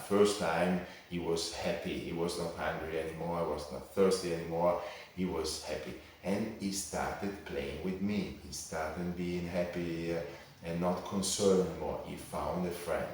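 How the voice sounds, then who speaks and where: A man's voice: low-pitched, slight background noise. A man with an Italian accent narrating a travel story in English, hesitant and full of fillers and restarts. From Sardinia, Italy. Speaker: cycling vlogger. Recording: echoey, distant mic.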